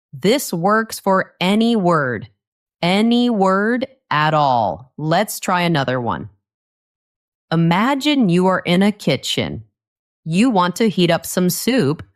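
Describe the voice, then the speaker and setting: A woman giving a scripted English lesson in short, simple sentences, repeating key phrases as she teaches. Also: fairly low pitch.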